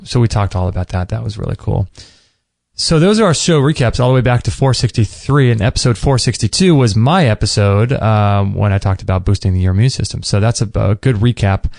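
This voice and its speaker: Male podcast host, low gravelly voice, dry close sound, rambling casual delivery. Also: darkish tone, no echo. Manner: rambling, searching for words. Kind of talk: casual solo podcast recap.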